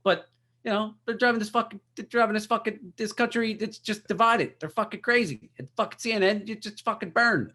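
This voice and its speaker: A man putting on an impression of an angry male stand-up comedian, ranting loudly and swearing. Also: sits high, a little fast, voice pushed up. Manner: shouting profane rant.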